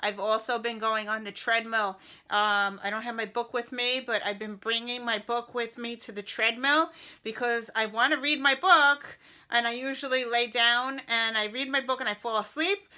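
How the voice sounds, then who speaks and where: Middle-aged woman vlogger, bright voice, rambling casual chat with lots of fillers. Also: a little high, fairly even intonation, moderate pace. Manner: rambling and chatty, with many fillers.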